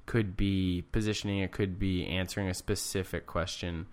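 Low-voiced relaxed man hosting a podcast. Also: moderate pace, clean tone. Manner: relaxed, filler-heavy, rambling. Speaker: podcast host. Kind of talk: casual podcast chat.

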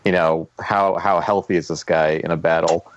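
A man judging a casual podcast debate, speaking deliberately with some hesitation and light jokes. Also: deep voice, steady tone, lo-fi sound. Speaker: podcast judge.

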